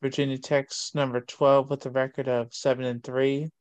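Man reading sports rankings, flat delivery. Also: medium pitch, moderate pace, smooth, dry recording, muffled recording. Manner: reads long lists of rankings in a steady, even delivery. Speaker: sports show host.

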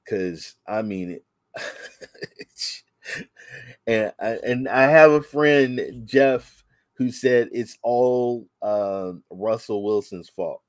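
A man co-hosting a casual sports chat, talking excitably with many halting restarts. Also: mid-range voice, no echo. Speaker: podcast co-host.

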